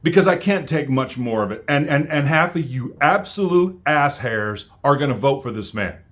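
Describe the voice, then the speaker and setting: A man's voice: mid-range voice, animated, moderate pace, a bit bright. An American man delivering an angry political rant straight to his viewers, heated and full of stammering restarts. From United States. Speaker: vlogger.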